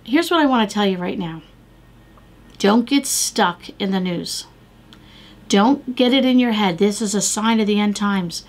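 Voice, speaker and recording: A middle-aged American woman hosts a devotional podcast, speaking a little slowly in a mid-range voice. She talks earnestly and exhorts listeners with repeated phrases.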